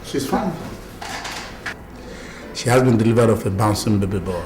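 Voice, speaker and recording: An actor playing a calm hospital doctor who gives news in a matter-of-fact way. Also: male voice, fairly low pitch, moderate pace, background noise, lightly acted. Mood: reassuring.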